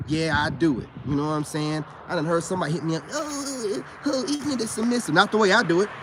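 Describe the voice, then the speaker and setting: Against a noisy background, a man with a fairly high voice and fairly even intonation races through a casual vlog monologue. He styles himself as a spiritual adviser, boasting and preaching to his viewers, whom he addresses as brothers, and he goes over his points repeatedly.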